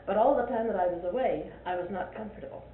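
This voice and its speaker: A woman's voice: medium pitch, fast, recorded from a distance. Older woman teaching a church class. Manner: folksy, questioning, often repeats points for emphasis. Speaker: Sunday school teacher. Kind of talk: leading a Bible class discussion. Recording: echoey, tinny lo-fi recording with faint hiss.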